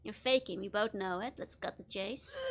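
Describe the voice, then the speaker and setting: A woman's voice: medium pitch, wildly swooping pitch, normal speed, a bit bright. A woman streaming a video game, chatting casually and giggling often as she rambles about trivia. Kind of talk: casual live-stream commentary.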